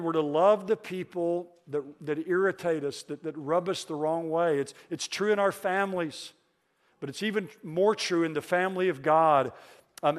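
Male pastor, sermon delivery, earnest and repetitive for emphasis, light humor, slightly higher voice. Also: in a large hall.

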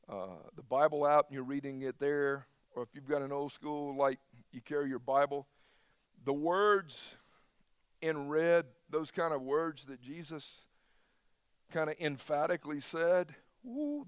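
A man preaching a sermon in an emphatic style, switching between loud bursts and quiet, hushed asides. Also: a little high, clean tone, dry recording, studio quality. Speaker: pastor.

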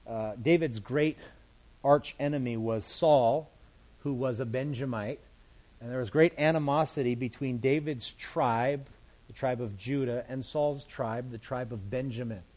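Pastor guy doing a bible study sermon, relaxed and chatty, mellow tone, middle pitch. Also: unhurried. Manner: conversational, explains scripture in plain everyday words. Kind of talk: verse-by-verse Bible teaching.

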